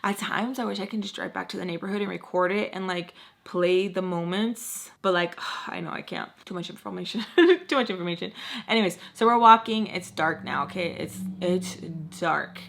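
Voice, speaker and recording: A woman's voice: lowish voice, steady tone, normal speed, gravelly, fairly bright tone. A young adult woman vlogger casually telling a personal story, chatty and full of fillers. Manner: chatty, filler-heavy, acts out quoted dialogue.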